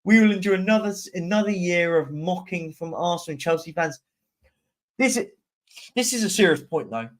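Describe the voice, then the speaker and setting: A man's voice: high voice, expressive, fairly quick. A young man hosting a live stream, chatting casually and answering viewer comments as they come in. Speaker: livestream host.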